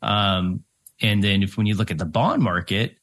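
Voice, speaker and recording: A middle-aged financial planner co-hosting a radio money show. He has a somewhat low male voice. He explains step by step, with frequent ums and "right?" tag questions. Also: moderate pace, a bit bright.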